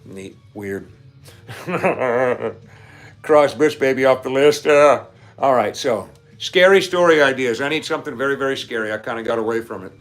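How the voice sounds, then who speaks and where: In a mid-range, expressive voice at a moderate pace, a man runs a laid-back livestream with faint music behind him. He reads out viewer comments, drifts into nerdy asides, and laughs frequently.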